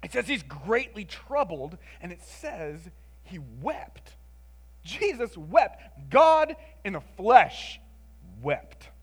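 A man preaching a sermon in an expressive, conversational way, moving between emphatic lines and hushed ones and often adding "like" and "right?". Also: high-pitched, slow pace.

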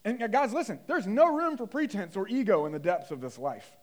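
A man preaching a sermon with impassioned delivery, swinging from loud emphasis to hushed, low passages and asking the listeners questions. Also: expressive, fairly quick. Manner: addresses listeners as guys, asks rhetorical questions. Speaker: pastor.

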